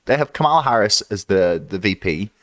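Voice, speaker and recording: Male podcast host, low voice, dry close mic, profane, animated storyteller. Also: fairly quick, no room sound. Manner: swears freely, animated storytelling. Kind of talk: casual chat.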